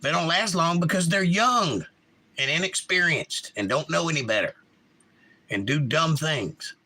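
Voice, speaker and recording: This casual stream host has a fairly high, bright, forceful voice, animated yet a little slow. Opinionated and blunt, he reads out viewers' chat and talks back to it.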